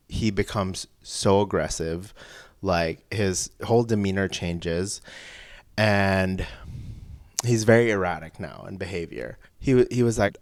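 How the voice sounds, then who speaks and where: A man telling a personal story in casual chat, animated and breaking into laughs. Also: lowish voice. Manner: animated, laughs between lines, rising into excited outbursts. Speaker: podcast guest telling a story.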